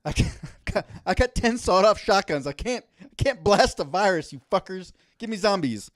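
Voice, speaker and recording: Man doing a yelling gun-crazy prepper. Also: sits high, lively intonation, unhurried, no echo, pitched above the performer's own voice. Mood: ranting. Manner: yelling in a put-on redneck accent. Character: loud gun-loving male rural prepper.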